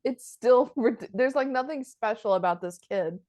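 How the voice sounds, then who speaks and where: A woman's voice: fairly high pitch, moderate pace, a little mellow, dry recording. Giggly woman co-hosting a podcast over a video call. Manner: chatty, giggly, lots of restarts. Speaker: podcast co-host. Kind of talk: casual chat reviewing a film.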